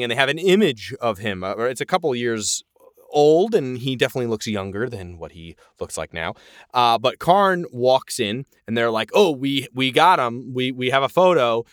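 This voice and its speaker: Guy cohosting a podcast, casual recap, swears a bit, smooth voice, dry close mic. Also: mid-range voice, fairly bright tone, dry recording. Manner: casual, swears, acts out quoted lines. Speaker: podcast co-host.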